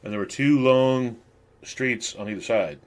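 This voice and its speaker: A man's voice: mid-range voice, measured pace. A man in his fifties from California hosting a podcast, telling rambling, profane stories and laughing between phrases. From Venice, California. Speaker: podcast host. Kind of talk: casual storytelling.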